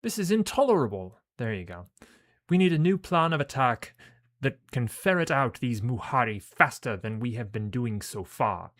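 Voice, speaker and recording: A man's voice: mid-range voice, big pitch swings, normal speed, fairly bright tone, voice pushed up. A man voicing a stern, impatient male military contact in a game, with a put-on British accent, speaking in a clipped, commanding way.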